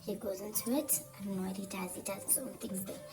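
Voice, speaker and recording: A woman telling a dramatic story in a casual, animated way with fillers, over background music. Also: mid-range voice, fast, rough recording. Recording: clear music bed behind voice.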